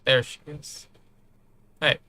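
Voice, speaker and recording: A man's voice: slow pace, sharp tone, no room sound. A man voicing a hesitant, defensive young man who placates and dodges. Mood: placating.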